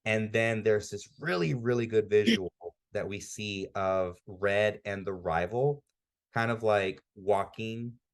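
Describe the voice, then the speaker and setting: A fairly low-pitched male voice, relaxed and conversational. He co-hosts a podcast and walks through a story's events with eager, filler-heavy chatter. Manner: enthusiastic, frequent "like" fillers. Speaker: podcast co-host. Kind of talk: casual recap and review.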